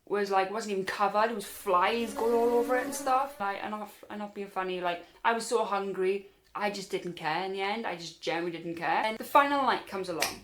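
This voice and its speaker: A woman's voice: medium pitch, a little fast, a bit bright, a little hiss or hum. A young Welsh woman telling a storytime vlog, chatty and rambling, her voice sitting in a middling range. She keeps turning to her viewers as guys, restarting sentences as she goes. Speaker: vlogger. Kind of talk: casual storytime.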